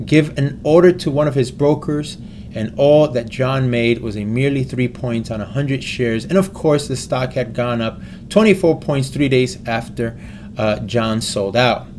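A man reading a story aloud in a steady way, with small slips and restarts. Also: mid-range voice, moderate pace, a little hiss or hum.

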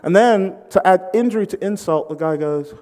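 A man's voice: high-pitched, normal speed, very noisy. A British man preaching, telling funny stories and acting out the people in them as he jokes with the congregation. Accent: British English. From Britain. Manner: animated, acts out quoted voices, jokes with the crowd. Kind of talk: humorous sermon storytelling. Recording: long hall reverb.

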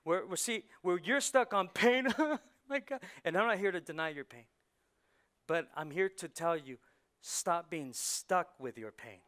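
A male pastor delivers a lively sermon in a church, his voice sitting high for a man. He fires rhetorical questions at the congregation and slips into the voices of the thoughts in people's heads, swinging between hushed asides and loud, pushed lines. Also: unhurried. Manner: animated preaching, acting out inner voices, rhetorical questions. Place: church sanctuary.

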